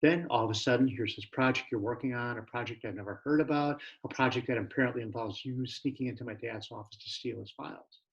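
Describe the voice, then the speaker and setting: A blunt, sarcastic businessman, read by a man with a gravelly, creaky texture. The recording sounds dull and lo-fi. A storybook reading. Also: medium pitch, fast, lightly acted. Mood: irritated. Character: irritated adult male real-estate partner.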